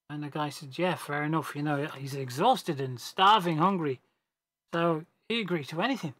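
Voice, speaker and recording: A man's voice: fairly high pitch, moderate pace, fairly bright tone. A man on a gaming voice chat, telling a long joke casually and rambling, with restarts and self-corrections. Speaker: gamer on a team voice chat.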